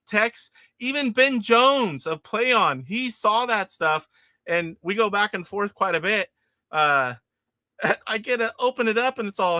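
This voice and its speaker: A man's voice: high voice, pushed and bright, dry recording. A man from California hosting a livestream, chatting casually and rambling as he reads out viewer comments. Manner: chatty, rambling, frequent restarts and laughs. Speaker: livestream host.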